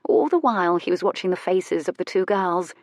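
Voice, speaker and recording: A woman with a lower-pitched voice reads romance narration in a measured, even way. The recording is dry and close, with no room sound. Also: no room sound. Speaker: audiobook narrator. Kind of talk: scripted audiobook narration.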